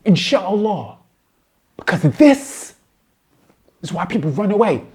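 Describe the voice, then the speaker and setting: A man giving heated reaction commentary, addressing his target directly with blunt, slangy lecturing that swings between low muttering and loud outbursts. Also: sing-song, slow, breathy edge. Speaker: commentator responding to a debate.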